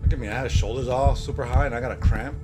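A man commentating a horror game he is playing, jumping between shouts and muttering to himself. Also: mid-range voice, fairly even intonation, very fast, very noisy. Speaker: gameplay streamer. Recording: music loud in the background.

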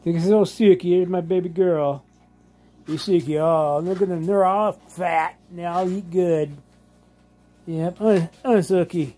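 Man filming at home on a handheld camera, unhurried, fond baby talk to his dogs. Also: sits high, steady tone, mellow. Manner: slow, drawling, doting, laughs often. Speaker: vlogger showing his dogs. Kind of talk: casual home vlog, talking to pets. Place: home living room.

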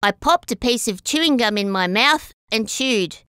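A woman reading a children's story aloud as a storyteller, expressive and sing-song. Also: on the high side, normal speed, clear, resonant tone, dry recording, studio quality.

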